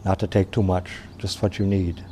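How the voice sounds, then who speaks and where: A man from Wisconsin telling a traditional story in an unhurried, plain-spoken way, with pauses and restarts. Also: low voice, level tone, mellow, slight background noise.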